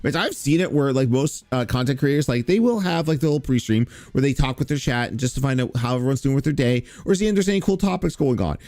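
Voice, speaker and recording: A man's voice: medium pitch, animated, fast talker, few pauses, a little mellow, dry recording. A man hosting reaction commentary, talking in a sarcastic, mocking, profane way. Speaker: streamer commentary host. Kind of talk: reaction commentary on stream clips.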